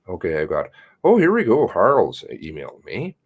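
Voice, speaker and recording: A livestream host with a lowish voice and huge pitch swings talks at a moderate pace. He rambles, reads viewers' comments and emails aloud, and swears bluntly and casually.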